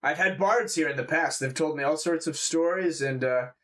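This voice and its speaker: A man's voice: fairly high pitch, normal speed, fairly bright tone, lightly acted. A man voicing a gregarious innkeeper who talks politely and hesitantly, rambling about the old days.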